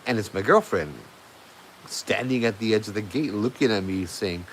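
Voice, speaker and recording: Telling a ghost story to his live chat, a Hawaiian livestream host speaks at normal speed in a lowish, slightly bright voice. The telling is loose and rambling, with lots of fillers and restarts, and the rough recording has a little hiss or hum.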